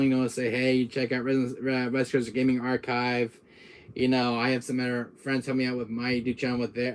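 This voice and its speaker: A man, a gaming YouTuber, chatting casually and in a friendly way to a viewer, rambling with many restarts. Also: mid-range voice.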